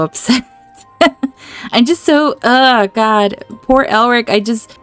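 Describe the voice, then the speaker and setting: A woman's voice: medium pitch, clear, resonant tone. A woman hosting a let's-play, chatting through the game and reacting emotionally to what happens on screen. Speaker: gaming channel host.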